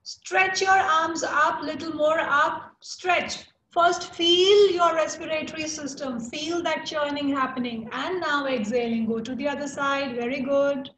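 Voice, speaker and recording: A young woman with an Indian English accent leading a chair yoga class, encouraging students by name with slow, steady cues. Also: sits high, echoey room, a little hiss or hum. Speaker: yoga instructor.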